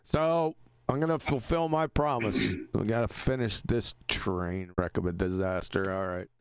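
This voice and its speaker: Wry man with a smooth resonant voice. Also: on the low side, a little slow, no room sound. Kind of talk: casual live-stream chat.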